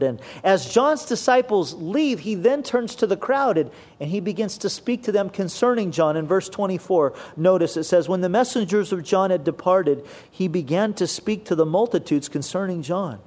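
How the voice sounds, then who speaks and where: High-voiced man preaching a sermon. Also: lively intonation, darkish tone. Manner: earnest preaching, slows and drops low when quoting scripture. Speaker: pastor.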